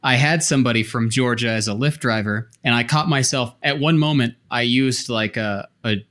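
A man's voice: medium pitch, normal speed, a bit bright. A man co-hosting a podcast, chatting casually and thoughtfully with frequent restarts. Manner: thoughtful, talks in restarts and asides. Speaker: podcast co-host. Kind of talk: casual chat.

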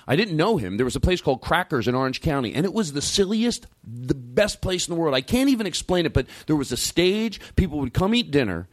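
Man, radio host, casual chat, rambling, swears freely, lively pitch, dry sound. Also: no room sound.

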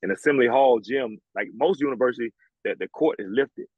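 A man of medium pitch speaks a little fast in a husky voice, with no room sound and thin, tinny audio. The former college basketball player from the American South swears heavily while telling animated, blunt stories in a casual interview.

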